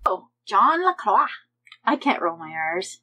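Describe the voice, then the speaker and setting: A woman's voice: medium pitch, big pitch swings, a little slow, bright, forceful tone. A woman from Canada co-hosting a casual podcast, bubbly and laughing often. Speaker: podcast co-host.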